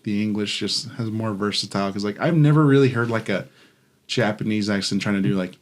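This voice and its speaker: A man's voice: lowish voice, a little fast. Rambling, foul-mouthed podcast co-host man. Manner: rambling, swears a lot, many fillers. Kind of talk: casual chat.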